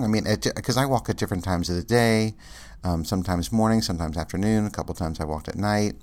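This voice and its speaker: A man rambling casually in a monologue, with many fillers and restarts, and ranting in exasperation. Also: deep voice.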